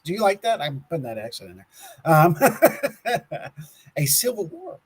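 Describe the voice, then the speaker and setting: Husky guy on a chill podcast, laughs a lot, kinda stumbles reading his notes out loud. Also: a little high, wildly swooping pitch, a little slow, long pauses, rough recording. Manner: laughs often, stumbles over words while reading aloud. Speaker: podcast co-host. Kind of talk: casual conspiracy podcast talk, reading from notes.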